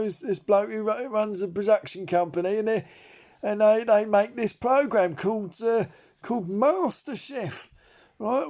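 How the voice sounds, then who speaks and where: A man's voice: sits high, creaky, mellow. A man playing rambling bumbling bloke. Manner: rambling, hesitant, full of restarts and fillers. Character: bumbling male amateur chef Derek, rambling storyteller. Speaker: comedy character monologue. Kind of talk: improvised character monologue.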